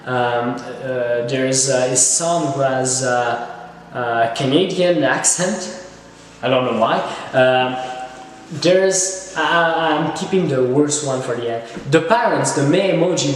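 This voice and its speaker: Slow, sarcastic man in an echoey room. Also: medium pitch. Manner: rambling and sarcastic with many fillers. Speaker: film reviewer. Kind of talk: casual spoken film review. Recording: echoey room with long reverb.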